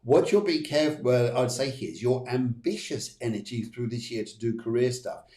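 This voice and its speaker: A man's voice: medium pitch, moderate pace, dark tone, echoey room. A man hosting a live stream as a psychic medium, giving card readings to viewers in a chatty, rambling way with many fillers and restarts.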